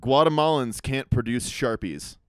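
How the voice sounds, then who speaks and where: A man's voice: medium pitch, moderate pace, clear, resonant tone, dry recording, clean studio sound. A man guesting on a comedy podcast, joking and laughing through casual banter. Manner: joking, laughs often, trails off.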